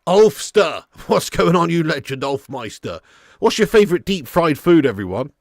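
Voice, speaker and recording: A man's voice: fairly high pitch, very animated, moderate pace, no echo, clean studio sound. A man hosting a live football watch-along stream, chatting and laughing with viewers while a bit snotty and ill. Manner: chatty, reads chat aloud, laughs often.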